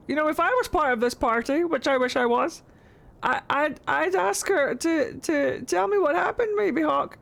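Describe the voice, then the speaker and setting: A woman's voice: sits high, normal speed, gravelly, a bit bright. A young woman streamer giving casual commentary over a game, chatty and joking, with swearing and outbursts of indignation. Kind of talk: casual let's-play commentary.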